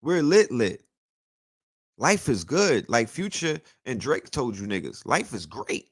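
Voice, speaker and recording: A man's voice: medium pitch, very animated, takes it slowly, no room sound, studio quality. A man hosting a show, ranting in a loose, profane, emphatic monologue that is full of restarts. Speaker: podcast host. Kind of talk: casual monologue.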